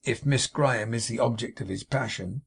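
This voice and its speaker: A man's voice: mid-range voice, moderate pace, vocal fry, husky. A man reading as a mild, earnest young man. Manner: polite, mild, apologetic.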